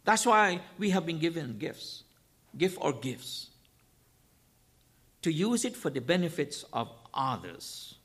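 A male guest preacher with a high, bright, forceful voice. He delivers his sermon emphatically, driving points home by repeating phrases and firing rhetorical questions at the congregation. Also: very animated, slow pace, long pauses, husky.

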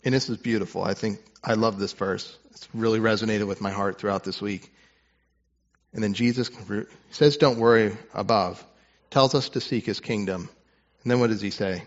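A man preaching a sermon as pastor, earnest, moving between hushed, tender passages and fervent ones. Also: lowish voice, normal speed, lo-fi sound.

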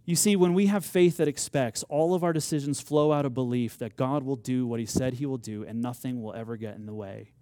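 A man's voice: mid-range voice, a little fast, hardly any pauses, dark tone, no room sound. A man preaching a sermon, telling a story with rising emphasis and acted-out quotes. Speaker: pastor.

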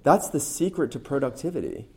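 A man's voice: mid-range voice, big pitch swings, fairly quick. Earnest man preaching a sermon. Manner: earnest, emphatic, repeats key phrases. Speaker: pastor.

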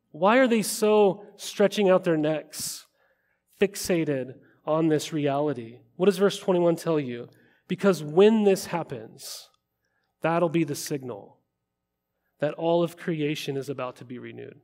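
A man's voice: high-pitched, a little mellow. A middle-aged male pastor preaching a conversational sermon, often asking his listeners questions.

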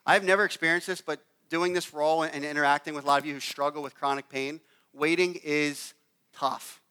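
Man in his thirties, pastor, casual storytelling sermon, bright voice, smooth and clear, keeps asking "okay?". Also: a little high, level tone, fast. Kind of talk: conversational sermon.

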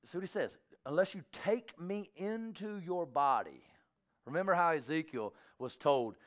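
A man pastor preaching a sermon in a church, swinging from quiet asides to shouted exhortation. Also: a little high, sing-song, normal speed. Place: church sanctuary.

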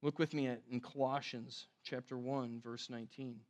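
A man preaching a sermon in a conversational way, often asking the room questions and slowing down to stress key words. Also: mid-range voice, steady tone. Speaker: pastor.

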